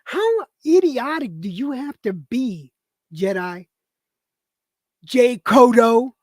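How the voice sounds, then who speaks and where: A woman's voice: a little high, big pitch swings, slow, dark tone, slightly rough, no echo. A woman streamer on a live broadcast, delivering an angry, profane rant full of stammered repetitions.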